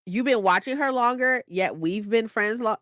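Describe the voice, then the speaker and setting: A woman's voice: fairly high pitch, moderate pace, fairly bright tone, no room sound. A woman in her twenties casually chatting on a livestream, playful and mock-dramatic as she reads her chat aloud. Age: 20s. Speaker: livestream host.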